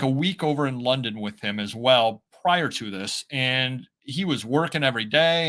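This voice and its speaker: A man co-hosting a live reselling chat, rambling and halting with many fillers, his speech a little slurred. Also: medium pitch, sharp tone. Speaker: co-host of a reselling show. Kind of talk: casual live-stream chat.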